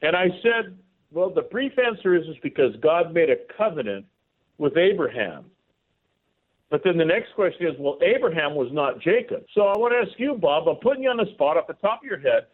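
A man's voice: a little high, very animated, a little fast. A man calling in as a guest on a radio talk show, chatting casually, laughing often and repeating words as he goes. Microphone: phone call. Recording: tinny phone line.

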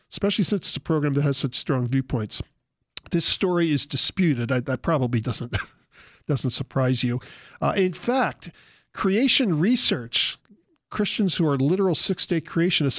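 Male radio talk host, earnest, candid, somewhat high voice, dry studio sound. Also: dry recording. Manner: earnest, candid, with frequent fillers and restarts.

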